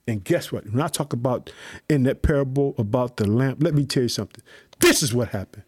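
A man with a medium-pitched, slightly rough voice preaches a fervent sermon at a brisk clip. He repeats phrases and urges his listeners on in a call-and-response style.

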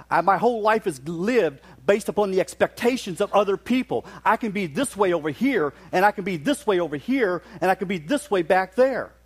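A middle-aged man from West Virginia, preaching a sermon in a folksy, storytelling manner with touches of humor. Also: high-pitched.

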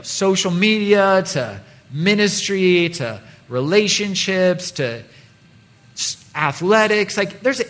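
A man's voice: on the high side, fairly bright tone. Playful, chatty man preaching a sermon. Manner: conversational and playful, with mock voices. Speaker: pastor. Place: church.

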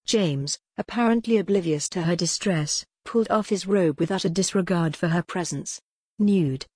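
A woman reading an audiobook aloud in a steady, measured narration. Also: fairly low pitch, breathy edge, no room sound, clean studio sound. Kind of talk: scripted narration.

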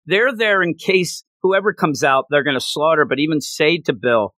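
A man hosting a casual comic book podcast, his voice pitched slightly above the usual male range. He sounds dry and close to the mic, with no room around him. He gushes with excitement and keeps restarting his sentences. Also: normal speed, hardly any pauses, no echo. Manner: excitable, gushing, frequent restarts.

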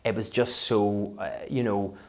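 A comedian from Belfast talks in a low, relaxed voice with a clear local accent. He tells his stories in a lively way and keeps breaking into little voices and impressions. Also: unhurried. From West Belfast, Northern Ireland. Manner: lively storyteller who slips into voices. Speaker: comedian, podcast guest. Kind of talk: casual interview chat.

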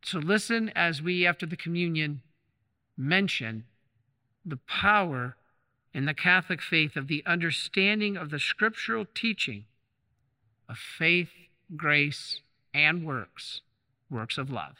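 Slow and pausing often, a Catholic priest delivers a storytelling sermon, his voice a little high, animated, pushed and bright. He talks conversationally, restarting and repeating phrases as he retells the tale. The church gives it the long reverb of a big hall.

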